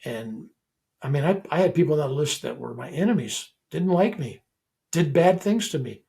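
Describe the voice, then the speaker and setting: An older man, a reverend, telling a personal story as a podcast guest. He is animated and acts out the dialogue as he goes. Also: a little high, moderate pace, vocal fry.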